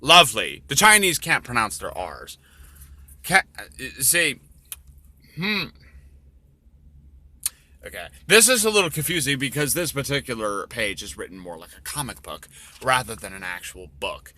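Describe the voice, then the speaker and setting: A man's voice: medium pitch, sing-song, moderate pace, pauses often, pushed and bright. A man reading his own story aloud, with rambling, profane, offhand commentary between passages.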